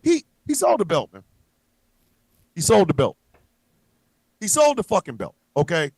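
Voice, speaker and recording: Heated guy cussing up a storm on a stream, high voice jumping all over, dry sound. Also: wildly swooping pitch, measured pace, darkish tone, husky, dry recording. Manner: angry, profane, repetitive ranting. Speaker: co-host. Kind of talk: heated livestream rant.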